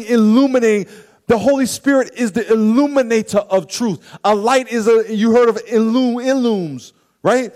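A man preaching a sermon, animated and acting out scenes and quoted voices for the congregation. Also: sits high. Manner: animated, acts out stories and quotes. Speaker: pastor.

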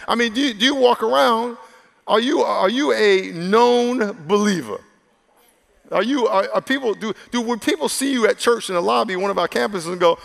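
Man, pastor, humorous conversational sermon, gravelly voice, long echo of a big church hall. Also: sits high, a little fast, a bit bright. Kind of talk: lively preaching sermon.

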